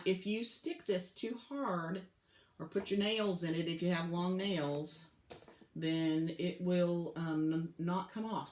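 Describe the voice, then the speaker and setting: A woman's voice: fairly low pitch, slight background noise. Patient woman teaching a kids' clay craft. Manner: patient, step-by-step, softly drops to near whispers. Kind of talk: clay crafting tutorial for children. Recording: echoey room, faint clicks.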